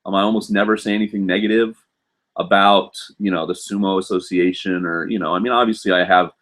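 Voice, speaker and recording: A man with a slightly low voice hosts a live stream from his computer and chats through viewer questions. He rambles loosely and fills every pause with ums and you-knows. It sounds relaxed and off the cuff. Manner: rambling, filler-heavy, chatty. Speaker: host.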